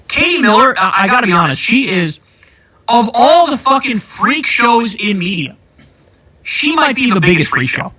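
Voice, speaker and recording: A man with a high, piercingly bright voice delivers political commentary as a rant. He is sarcastic and profane, and his delivery runs hot and heated. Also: very animated, normal speed, slightly rough, rough recording. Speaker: podcast host.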